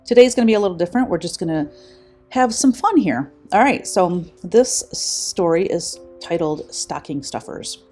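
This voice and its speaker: A woman in her fifties reads short, funny anecdotes aloud in a light, amused manner. Her voice is warm, mellow and slightly low. Soft music plays faintly behind her. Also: lively intonation, normal speed. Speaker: vlogger host. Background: faint background music.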